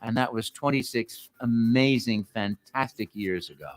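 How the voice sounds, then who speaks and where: A man's voice: medium pitch, moderate pace, very noisy. A middle-aged man, a voice actor, telling stories in an interview and acting out the quotes. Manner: animated, acts out quotes. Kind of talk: interview storytelling.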